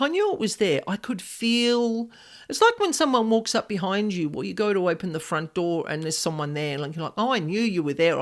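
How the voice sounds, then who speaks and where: A woman hosting a podcast, telling a personal paranormal experience in a casual, expressive way with many "like" fillers. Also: mid-range voice. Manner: animated, expressive, frequent "like" fillers. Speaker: podcast host, paranormal specialist. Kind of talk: casual storytelling monologue.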